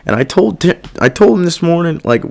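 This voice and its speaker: A man's voice: fairly high pitch, animated, fairly quick, gravelly. A young man hosting a podcast, talking through his feelings in a rambling, self-reflective and heavily profane casual monologue. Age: young adult. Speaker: podcast host.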